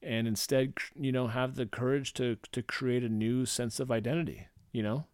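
Brief: relaxed male podcast host from St. Louis, chatty, mid pitch, dry close sound. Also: moderate pace, clear, resonant tone, no echo. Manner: loose and conversational, many fillers, acts out quoted voices. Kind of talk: casual solo podcast talk.

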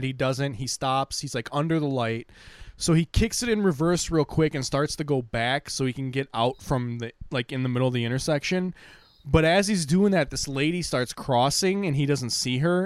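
A young man from the Detroit area of Michigan co-hosts a casual podcast, his voice fairly high-pitched. The clean studio recording has no room sound as he tells rambling, profane stories full of fillers.

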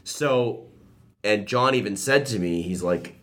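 A man's voice: lowish voice, unhurried, fairly bright tone, slight background noise. A man co-hosting a radio show, telling a story earnestly in casual chat.

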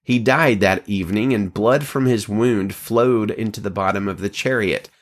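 A man reading scripture aloud at an unhurried pace, with occasional slips and self-corrections, lifting his pitch for quoted speech. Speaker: scripture reader.

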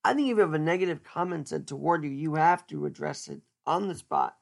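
Guy doing a solo podcast, kinda high voice with gravel in it, jokey and rambly, lots of restarts. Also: big pitch swings, fairly quick. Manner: chatty, jokey, thinking aloud with restarts. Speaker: podcast host. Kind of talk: casual solo podcast chat.

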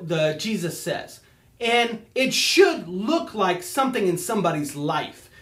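A man preaching a casual sermon, excitable and animated, laughing often as he talks. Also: sits high, echoey room.

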